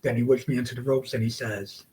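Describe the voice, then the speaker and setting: Male wrestler, forties, from the United States: loose, profane, animated storyteller with a mid-range voice. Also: medium pitch, fast, low-quality recording. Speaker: wrestler guest. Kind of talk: casual storytelling interview.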